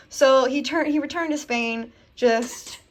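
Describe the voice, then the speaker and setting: A woman's voice: sits high, slow, slight background noise. Chatty young woman teaching history. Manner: chatty, acts out historical figures in a jokey voice. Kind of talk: casual recorded history lesson. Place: home, with a dog nearby.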